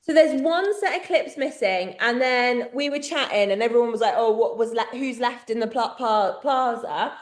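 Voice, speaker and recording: A woman's voice: on the high side, normal speed, hardly any pauses, roomy sound. An English woman co-hosting a podcast, telling stories in casual chat and laughing often. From England. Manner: chatty storyteller, laughs often. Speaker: podcast co-host.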